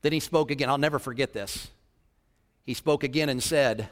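A man preaching a personal story to a congregation, animated and acting out what people said. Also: normal speed, long reverb tail. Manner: animated, acts out quotes with big pitch swings. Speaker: children's ministry leader. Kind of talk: sermon storytelling.

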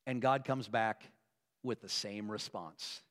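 A man preaching a sermon as a pastor, earnest, moving between emphatic, rising passages and quiet, hushed ones. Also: lowish voice, fairly even intonation, normal speed. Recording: long reverb of a large hall.

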